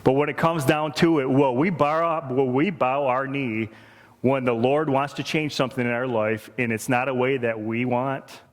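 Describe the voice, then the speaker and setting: A man's voice: mid-range voice, steady tone, moderate pace. A man preaching a sermon, earnest and repeating phrases for emphasis. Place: church sanctuary. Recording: reverberant church hall.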